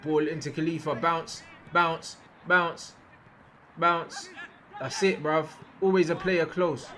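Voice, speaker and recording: A young man with a fairly high, fairly even voice speaks slowly over football footage, with slight background noise. His reaction commentary is casual and slangy, with repeated phrases and loud outbursts at major moments.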